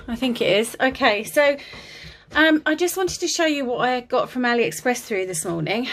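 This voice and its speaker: Filming at home on a phone in a holder, a woman chats to camera about her crafts, apologetic and full of ums, sounding tired and a bit out of breath. Her voice is on the high side and a bit bright, with a little hiss or hum in the audio.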